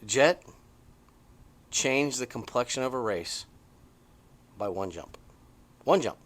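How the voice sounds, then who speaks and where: Animated middle-aged man, podcast co-host. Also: slow. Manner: animated, excitable storytelling with big swings in pitch. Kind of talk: casual chat. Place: porch, outdoors.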